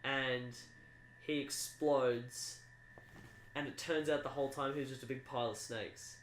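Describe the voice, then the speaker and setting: A man on a casual podcast spins a rambling, playful tale, slipping into silly voices along the way. His voice sits at a middling pitch. The recording has a roomy echo around it. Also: fairly even intonation, normal speed, slight background noise. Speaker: podcast co-host. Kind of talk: casual comedic chat.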